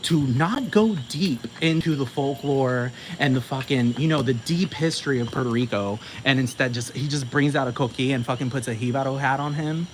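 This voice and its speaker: Speaking briskly with few pauses, a man at medium pitch rants as a commentator, cursing emphatically and repeating himself. Behind the monologue, vehicle noise fills the recording.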